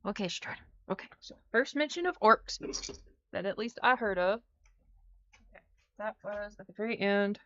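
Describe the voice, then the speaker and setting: A woman's voice: mid-range voice, animated, moderate pace, pauses often, a bit bright, dry recording, muffled recording. Chatty woman streaming a game. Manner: chatty, talks to her pet and her chat. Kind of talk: casual gameplay stream commentary.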